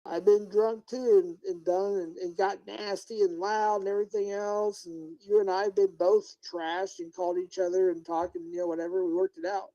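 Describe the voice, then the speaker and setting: A livestreamer rants at a single person on a live broadcast, addressing them directly and ignoring the chat. The voice is warm, mellow and mid-pitched yet creaky, at a moderate pace with few pauses, on dull audio. The tone is confrontational and scolding, asking the same questions repeatedly as the lecture shifts into pleading.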